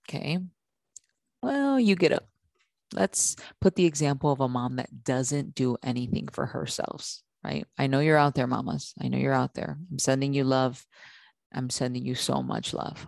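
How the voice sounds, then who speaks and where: A woman's voice: extremely low pitch, vocal fry, a little mellow, no room sound. A woman hosting a talk for mothers, repeating her points and checking in with an "okay?" as she goes. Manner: repeats herself, says okay often; often stops and restarts sentences. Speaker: podcast host.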